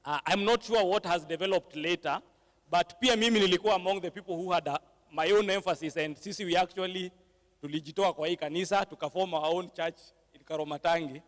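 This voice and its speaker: A man's voice: high-pitched, fast, long reverb tail. A man moderating a church panel discussion, switching between English and Swahili, with frequent fillers and tag questions.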